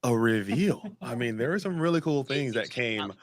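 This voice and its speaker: A man's voice: mid-range voice, lively intonation, moderate pace. A man in casual chat, curiously asking his guest questions.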